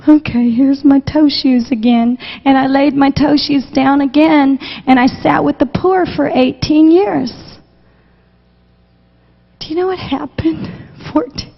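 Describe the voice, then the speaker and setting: A woman missionary preacher gives an emotional testimony sermon, passionate and repetitive, sometimes near tears. Her high, creaky voice moves slowly with fairly even intonation. The recording is dull, with long hall reverb.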